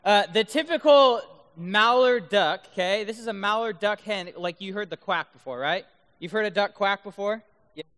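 Youth speaker, male, high and bright voice, playful, keeps asking "right?", long hall reverb. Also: normal speed. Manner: playful, keeps checking in with the audience. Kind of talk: youth talk with duck call demos. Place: large room full of high schoolers.

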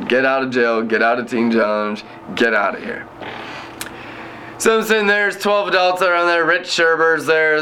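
Missionary man in his thirties, bright forceful voice, lively storytelling testimony. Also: mid-range voice, slight background noise. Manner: animated, laughs often while telling his story. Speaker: inner-city missionary and broadcaster. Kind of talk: personal faith testimony.

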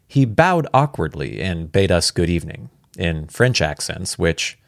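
A man casually reading a classic story aloud, relaxed and chatty, breaking off now and then to comment on the text. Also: low-pitched, measured pace, gravelly, dry recording, clean studio sound. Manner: relaxed, chatty, comments and laughs at his own slips. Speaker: reader.

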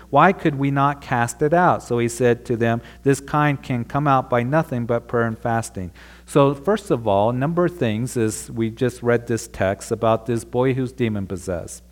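A man delivers a sermon to a church congregation, reading scripture aloud and then explaining it. His voice sits in a middle pitch, and he speaks in an earnest preaching tone. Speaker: pastor. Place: church room.

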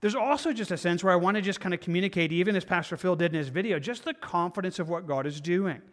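A pastor delivers a sermon in a fairly high male voice. He talks earnestly and conversationally, and now and then he slips into the voices of doubting listeners. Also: fast, fairly bright tone. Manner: earnest, conversational preaching with acted-out inner voices.

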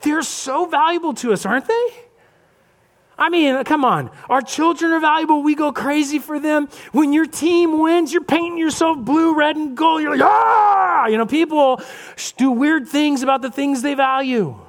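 A man preaching a lively sermon as pastor, acting out little scenes and voices of churchgoers. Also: very high-pitched, normal speed. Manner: animated, acts out congregation voices. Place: church sanctuary.

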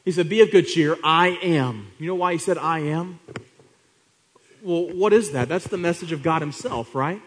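A man preaching a sermon, swinging from hushed to loud, with repeated rhetorical questions to the congregation. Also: a little high, moderate pace.

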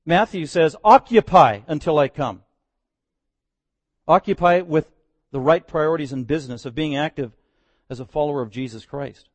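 A man preaching a sermon as pastor, swinging between loud, emphatic declarations and quiet, earnest asides. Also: a little high, fairly quick, no echo. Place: church.

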